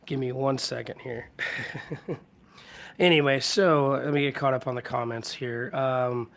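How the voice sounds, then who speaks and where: A man hosting a casual live stream from home, hoarse from a cold and keeping his voice low, rambling as he greets viewers by name. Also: fairly even intonation, measured pace. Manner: keeps voice low to spare it. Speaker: livestream host. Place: at home with hardwood floors.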